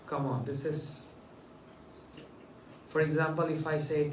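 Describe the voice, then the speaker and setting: A man's voice: on the high side, fairly even intonation, slow, long pauses, slight background noise. Earnest man telling a devotional story. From India. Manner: gentle, earnest storytelling with quoted dialogue. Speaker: spiritual teacher. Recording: echoey room, mic at a distance.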